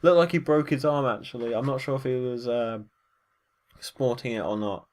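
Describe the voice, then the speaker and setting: A man's voice: medium pitch, moderate pace, a little mellow. A man giving a casual, rambling recap of wrestling matches, full of fillers and self-corrections. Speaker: wrestling show reviewer.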